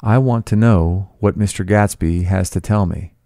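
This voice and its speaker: A man's voice: low voice, normal speed, dark tone, dry recording, clean studio sound. A man reading the part of an arrogant, scornful rich husband, with a sneering, incredulous delivery.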